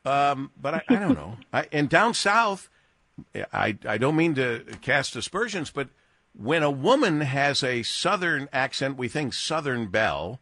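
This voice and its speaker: Man, radio host, animated, joking, dry studio sound. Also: medium pitch, measured pace, dry recording. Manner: lively, joking. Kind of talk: radio interview.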